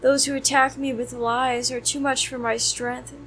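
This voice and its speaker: Woman prayer leader, higher voice, flat steady recitation of psalms, faint hiss behind. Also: normal speed, poor audio. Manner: steady even recitation, softer on closing prayers. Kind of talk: reciting liturgy of the hours.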